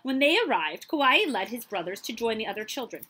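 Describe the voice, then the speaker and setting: A woman librarian reads a picture book aloud in a bright, ringing voice. She tells the story with lively expression and turns to ask her young listeners questions. At the suspenseful moments she drops into a whisper. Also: fairly high pitch, fairly quick, few pauses, slight background noise. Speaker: librarian reading aloud to children.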